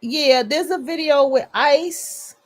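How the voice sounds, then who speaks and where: High-pitched woman ranting casually on her livestream, rambly, cusses a lot. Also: slow pace. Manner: rambling, conversational, with frequent restarts and profanity. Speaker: livestream host.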